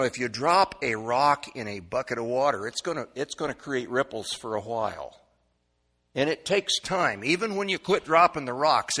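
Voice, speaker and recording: A man preaching a sermon, folksy and animated, moving between loud, high exclamations and soft, low asides. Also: husky. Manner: folksy, repeats words, chuckles often. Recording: long reverb of a church hall.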